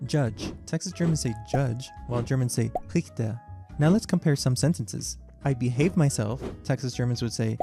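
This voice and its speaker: A man's voice: mid-range voice, normal speed. A man hosting an educational video, giving an explanatory scripted narration. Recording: music bed under voice.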